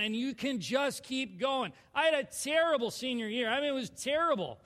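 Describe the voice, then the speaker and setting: Brief: thirties man, high voice, church testimony in a reverberant hall, animated, hushed to loud. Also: normal speed, few pauses. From southern California. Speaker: church speaker sharing testimony. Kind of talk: personal testimony sermon.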